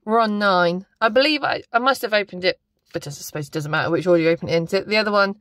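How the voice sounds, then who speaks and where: A young woman unboxing stationery in a casual, gushing vlog. She is excitable and keeps bursting into exclamations, her voice at a middling pitch. The sound is dry and close, with little room echo. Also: fast.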